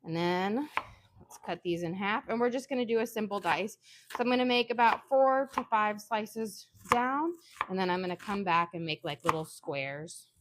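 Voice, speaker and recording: A home cooking vlogger chats casually in her kitchen, demonstrating a recipe step by step while drifting into family stories. She has a mid-range voice at normal speed, with background noise behind her.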